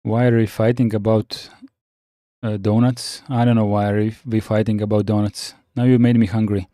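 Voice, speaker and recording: A man chatting casually on a live stream, reading out viewer comments and answering with frequent pauses and restarts. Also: on the low side, level tone, warm tone, dry recording, studio quality. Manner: halting, many fillers and restarts, reads chat aloud.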